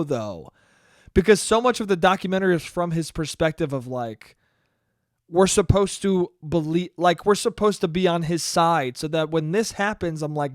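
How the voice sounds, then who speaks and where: A man's voice: a little high, expressive, normal speed, no room sound, studio quality. A young man hosting a solo podcast, ranting casually with exasperation and plenty of profanity. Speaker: podcast host.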